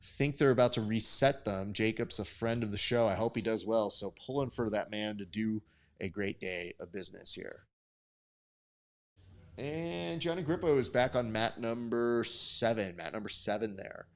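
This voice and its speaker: A man's voice: on the low side, lively intonation, normal speed. Chatty man hosting live sport commentary. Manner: casual, chatty, profane banter. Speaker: host.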